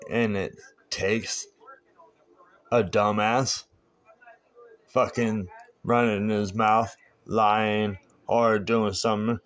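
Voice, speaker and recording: A man hosting his own podcast, rambling through stories in a casual, heavily profane monologue. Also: fairly low pitch. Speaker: podcast host.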